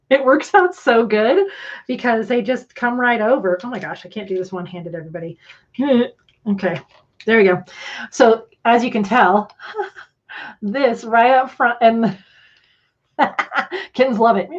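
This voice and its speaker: Woman, livestream host, chatty and laughing, casual storytelling, slightly dull lo-fi sound. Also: a little high. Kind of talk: casual livestream chat with viewers.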